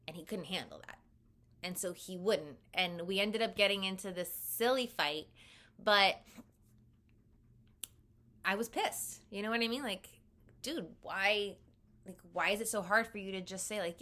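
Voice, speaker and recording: Bright-voiced young woman telling a personal story. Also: mid-range voice, unhurried, long pauses. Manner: candid, conversational, peppered with "like". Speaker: vlogger.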